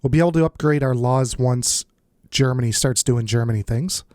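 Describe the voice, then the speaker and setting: A man with a blocked nose chats his way through a strategy game, muttering asides as he works things out. His voice sits at an average pitch, recorded close and dry with no room around it. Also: moderate pace, darkish tone, no echo. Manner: thinks aloud, muttering asides. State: stuffed-up nose. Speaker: let's play host. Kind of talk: casual strategy game commentary.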